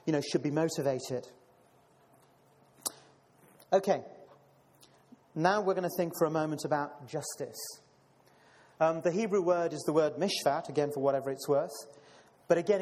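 A man's voice: on the high side, darkish tone. A man preaching a sermon and reading scripture, calling listeners brothers and sisters, with many fillers and repeated words. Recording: long hall reverb.

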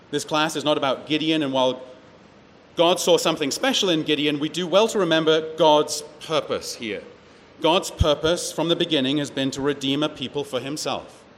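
Male preacher, slightly high voice, expository Bible teaching with rhetorical questions, recorded in a reverberant hall. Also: a bit bright. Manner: expository, reads verses then explains, rhetorical questions. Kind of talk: sermon-style Bible teaching. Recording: echoey hall with faint ambient noise.

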